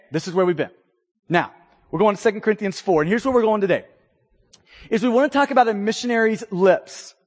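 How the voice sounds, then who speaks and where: A man preaches to his congregation in an earnest teaching tone, now and then acting out the voices in the stories he tells. His voice sits very high for a man. A long reverb from the hall trails after his words. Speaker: pastor. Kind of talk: sermon.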